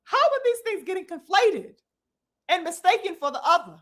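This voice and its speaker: A woman with a high, bright, ringing voice delivers a heated live commentary. She lectures like a preacher, stressing long words, swearing freely and calling her audience brothers and sisters. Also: sing-song, moderate pace. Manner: preachy, emphatic, profane, addresses "brothers and sisters". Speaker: commentary host.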